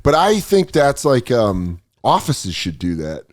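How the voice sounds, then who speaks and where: A man's voice: medium pitch, wildly swooping pitch, a little slow, no echo, studio quality. A man hosting a podcast in casual, profane comedic chat, riffing and slipping into mock voices. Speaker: podcast host.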